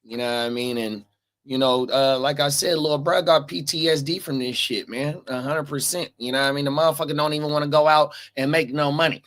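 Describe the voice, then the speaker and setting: A man's voice: fairly high pitch, fairly even intonation, fairly quick, fairly bright tone. A man co-hosting a casual podcast, talking bluntly in slang and reading viewer comments aloud. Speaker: co-host.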